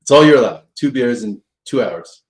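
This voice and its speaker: A middle-aged man chats casually on a live stream, telling a funny story about himself. He acts out the other voices, his pitch swinging widely. His voice sits in a middle range. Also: normal speed, a crowd in the background. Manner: animated, acts out quoted dialogue with big pitch jumps. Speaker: pro trader on a live show.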